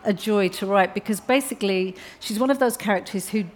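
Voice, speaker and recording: A woman's voice: medium pitch, fairly quick. Enthusiastic woman author discussing her book.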